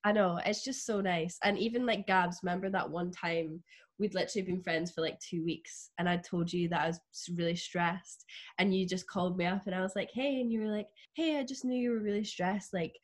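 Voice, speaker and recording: A woman's voice: fairly low pitch, steady tone, a little fast. A young woman, co-hosting a podcast in casual chat, full of fillers and swearing. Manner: chatty, swears, many fillers. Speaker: podcast co-host. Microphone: remote video call.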